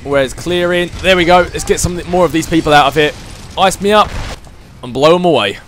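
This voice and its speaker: A man hosts a gaming channel and talks through a let's play, chatty and excitable. His voice sits a little above the usual male range as he thinks aloud about the game. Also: fairly high pitch, fairly quick, faint music behind.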